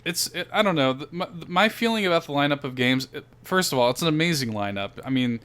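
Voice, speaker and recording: A man hosting a casual podcast chat, animated and profane, laughing often. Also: on the high side, quick pace. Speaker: podcast host.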